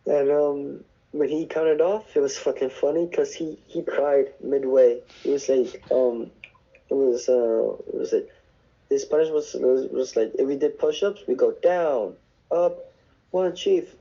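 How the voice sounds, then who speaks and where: A man's voice: mid-range voice, fairly even intonation, measured pace, dark tone, highs cut off. A young man, a navy sailor, telling rambling, profane stories in casual podcast chat. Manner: rambling, swears often, restarts. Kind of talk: casual storytelling. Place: dorm room on base.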